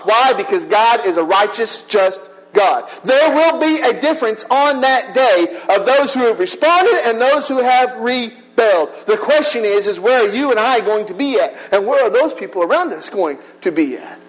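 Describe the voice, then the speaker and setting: High-voiced man preaching with fervor. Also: expressive, moderate pace, few pauses, low-quality recording. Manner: impassioned, builds to shouted peaks. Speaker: pastor. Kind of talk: sermon. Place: church service with congregation.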